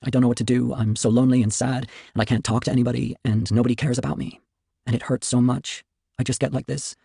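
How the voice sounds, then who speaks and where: A man reading aloud and voicing a lonely teenage girl who pleads softly. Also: mid-range voice, flat delivery, fast, creaky, husky, no room sound, studio quality. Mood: pleading.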